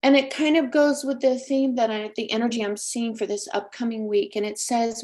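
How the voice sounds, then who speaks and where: Older lady psychic doing her live show, kinda high voice, chatty and emphatic, gets all heartfelt. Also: fairly even intonation, moderate pace, few pauses, darkish tone. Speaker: psychic medium host. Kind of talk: livestream talk show.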